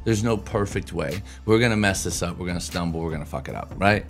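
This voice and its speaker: A man's voice: low voice, quick pace, faint music behind. A man in his thirties on a casual podcast, talking bluntly and with lots of swearing about raising kids. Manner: blunt, profane, animated storytelling. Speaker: podcast co-host.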